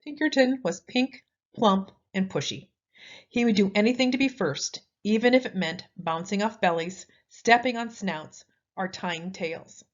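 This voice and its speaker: A woman reading a children's picture book aloud in a lively, expressive way. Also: medium pitch, a little slow. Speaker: storyteller. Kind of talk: children's story read-aloud. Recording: slightly dull lo-fi audio.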